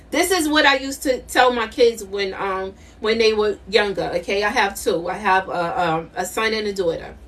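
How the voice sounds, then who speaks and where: A woman's voice: medium pitch, a little slow, a bit bright, far from the mic. A middle-aged woman doing a live tarot reading, emphatic and repetitive, laughing often. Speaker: intuitive tarot reader.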